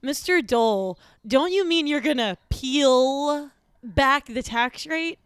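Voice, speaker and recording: A woman's voice: high-pitched, animated, takes it slowly, no room sound, clean studio sound. A woman playing an awkward teenage girl who hosts a comedy talk podcast, self-conscious and trailing off into asides.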